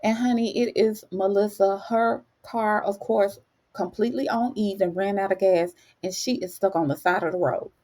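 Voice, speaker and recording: A woman giving a casual, slangy TV episode recap. She calls the listener honey and acts out the characters' lines in lively, shifting tones. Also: mid-range voice, moderate pace. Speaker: TV recap host.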